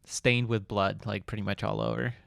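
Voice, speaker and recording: A man running a tabletop game as game master, narrating in a relaxed way with many fillers. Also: fairly low pitch, normal speed, gravelly, no echo, clean studio sound.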